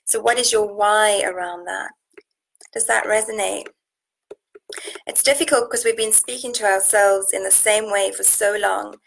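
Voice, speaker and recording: A woman's voice: mid-range voice, fairly even intonation, moderate pace, vocal fry, slight background noise, poor audio. A woman from South Africa, a nutrition coach hosting a casual live session, talking in a chatty, earnest way full of fillers and restarts. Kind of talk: casual live stream talk, reading out viewer comments.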